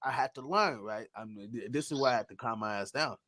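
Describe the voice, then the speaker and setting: A man telling stories in a casual chat, animated and profane, laughing and acting out what people said. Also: medium pitch, a little fast. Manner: animated, laughing, loose and profane, acts out quotes. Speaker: podcast guest telling stories.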